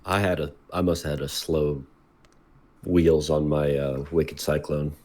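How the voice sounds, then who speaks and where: A man's voice: extremely low pitch, flat delivery, unhurried, warm tone. A man co-hosting a casual podcast, answering briefly and teasing his co-host. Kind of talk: casual chat.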